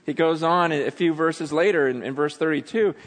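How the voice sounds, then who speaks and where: Male pastor, slightly higher voice, casual and direct sermon delivery, big reverberant hall. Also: normal speed. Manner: conversational, blunt, paraphrases scripture in casual voices.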